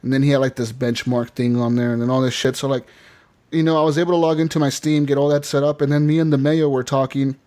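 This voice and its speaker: A man's voice: mid-range voice, fairly even intonation, fast, a little mellow. A man hosting a podcast, telling a long rambling story in casual chat, swearing freely. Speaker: podcast host. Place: podcast studio.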